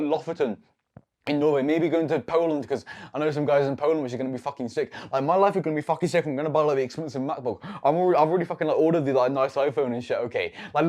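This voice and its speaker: A man's voice: a little high, a little mellow. A teenage young man self-filming a motivational vlog, profane and boastful, tagging nearly every phrase with "okay". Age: late teens. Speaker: YouTube creator. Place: own room with whiteboard, self-filmed.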